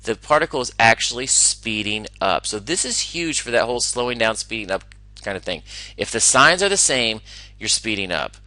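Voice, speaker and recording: A man teaching a recorded math lesson, enthusiastic and talking himself through each problem with quick asides. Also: on the low side, very animated, sharp tone, dry recording, low-quality recording.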